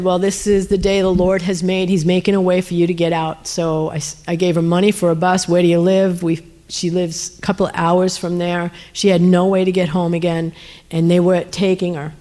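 A woman's voice: on the low side, level tone, normal speed, dark tone. A woman telling a faith testimony as a missionary speaker, earnest and emotional, with frequent fillers. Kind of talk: testimony storytelling.

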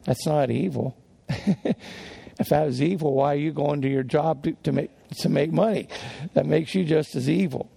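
Gravelly male pastor teaching a sermon. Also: fairly high pitch, fairly even intonation, moderate pace, dark tone. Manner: conversational with chuckles and repeated restarts.

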